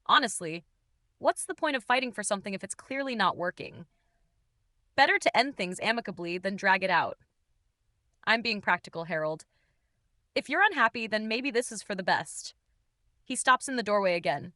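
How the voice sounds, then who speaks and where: A woman's voice: medium pitch, lively intonation, moderate pace, pushed and bright, dry recording, clean studio sound. Cool, dismissive woman narrator. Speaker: storyteller. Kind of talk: first-person story narration.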